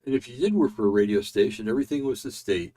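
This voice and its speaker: A man's voice: mid-range voice, lively intonation, fast talker, dark tone. A man hosting casual political commentary, tired and yawning, rambling with many fillers and restarts.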